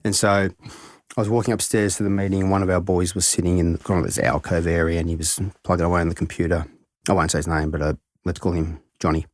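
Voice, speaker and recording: A man's voice: low voice, flat delivery, quick pace, dry recording, studio quality. A middle-aged man, a head of school and podcast guest, tells an earnest, heartfelt story and reflects on it.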